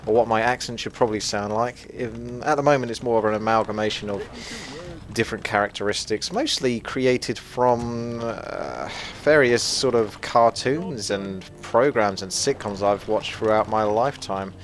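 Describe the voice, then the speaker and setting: A man's voice: fairly low pitch, moderate pace. A young man with a mixed British accent giving playful, self-mocking, chatty commentary over a strategy game. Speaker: gaming commentator. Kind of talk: casual gameplay commentary.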